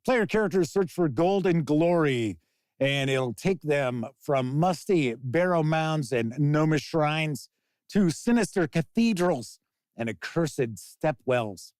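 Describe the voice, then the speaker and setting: A man hosts a live tabletop gaming news show, reading out releases and tossing in his own chatty asides to the chat. His voice sits a little high for a man. The sound is dry and close, with no room around it. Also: animated, slow, darkish tone, dry recording. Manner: chatty, reads news then riffs on it, answers chat comments. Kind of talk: casual live-stream news commentary.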